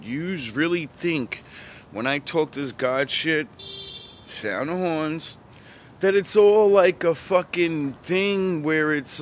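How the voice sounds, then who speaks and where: A man delivering a profane, preachy ranting monologue that lectures the listener, repeats catchphrases and bursts into shouting. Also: on the high side, a little hiss or hum. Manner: repeats catchphrases and "yous" address. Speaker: online preacher-style commentator.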